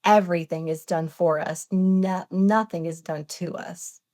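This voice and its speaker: Woman in her forties, lowish voice, earnest storytelling, podcast guest. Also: a little slow. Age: 40s. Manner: earnest, animated retelling with quoted dialogue. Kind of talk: personal storytelling interview.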